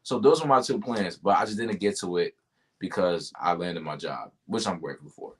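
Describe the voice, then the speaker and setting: A man's voice: sits low, normal speed, slightly rough. A man being interviewed about his sales job, talking casually and animatedly, full of slang like "yo" and "bro". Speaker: guest, tech sales rep.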